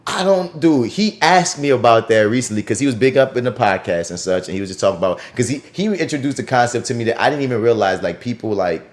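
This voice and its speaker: A man co-hosting a casual film review podcast, talking in an animated, emphatic and slangy way. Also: medium pitch, fast talker, few pauses. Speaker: podcast co-host.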